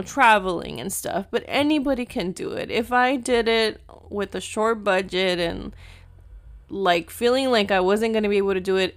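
Woman in her thirties, chatty vlog storytelling, lots of fillers, drops Spanish words, mid-pitched voice. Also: a bit bright, clean tone. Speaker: vlogger. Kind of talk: casual storytelling to viewers.

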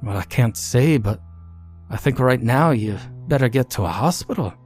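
A man voicing a young man who talks in a gruff, forced reassuring way. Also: medium pitch, lively intonation, normal speed, darkish tone, soft background music. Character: Scottish young man, wary but reassuring rescuer.

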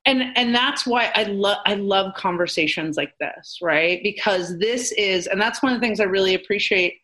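A woman co-hosting a podcast as a paranormal researcher, speaking earnestly in animated, quick bursts. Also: mid-range voice. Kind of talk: casual podcast discussion.

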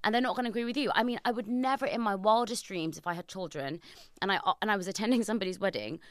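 A young woman hosting a podcast interview, telling stories with animated emphasis. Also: medium pitch, rapid-fire, no room sound. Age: young adult. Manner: animated storyteller, rising to emphatic outrage. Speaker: podcast host.

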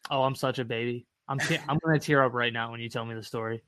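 A man co-hosting a casual podcast about real estate, animated and candid, acting out his past self and swearing freely. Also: mid-range voice, fast talker, no room sound.

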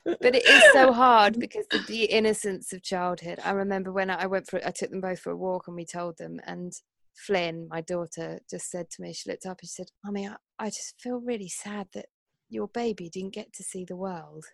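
A woman in her thirties hosting a podcast, asking gentle, empathetic questions and sharing about her own kids. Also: mid-range voice, fairly quick, creaky, no room sound. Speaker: podcast host. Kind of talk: casual podcast interview.

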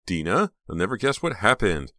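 A man voicing an excitable teenage girl who talks breathlessly and impatiently. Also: lowish voice, moderate pace, no room sound, clean studio sound, pitched above the performer's own voice.

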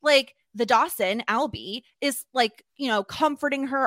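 Bright high-voiced chatty woman. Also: a little slow, no room sound, clean studio sound. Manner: chatty, filler-heavy, animated. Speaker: podcast guest. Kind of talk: casual chat.

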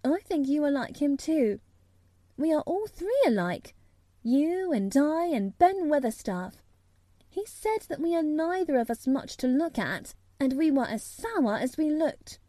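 A woman's voice: sits high, very animated, measured pace, warm tone, no echo, pitched above the performer's own voice. A woman voicing a stubborn, frank young girl in a storybook reading, with an earnest, blunt manner.

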